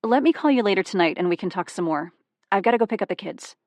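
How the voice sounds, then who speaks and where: A woman's voice: medium pitch, expressive, quick pace, a little mellow, no echo, highs cut off, natural voice. A woman reading the part of a chatty female friend on the phone in an audiobook.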